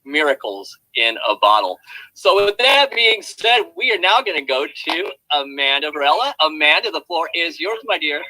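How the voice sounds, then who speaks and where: Man, host, very bright voice, folksy quick patter, dry sound. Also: on the high side, very animated, dry recording, rough recording. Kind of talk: hosting a testimonial call.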